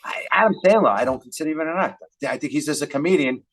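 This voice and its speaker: A man's voice: on the high side, expressive, racing, fairly bright tone. A man co-hosting a casual podcast, arguing his points with laughs. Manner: argumentative, laughing. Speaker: podcast co-host. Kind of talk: casual chat.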